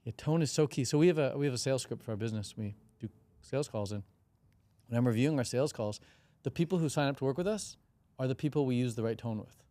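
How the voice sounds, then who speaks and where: A man's voice: medium pitch, quick pace, dark tone, no room sound. A young man hosting a casual podcast chat, curious and breezy, full of slang and acted-out example lines. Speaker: podcast host.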